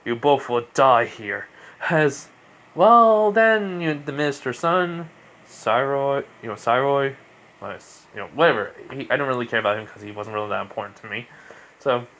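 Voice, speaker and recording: A man's voice: medium pitch, normal speed, a bit bright. A man casually retelling a fan story at home, rambling with constant fillers and restarts.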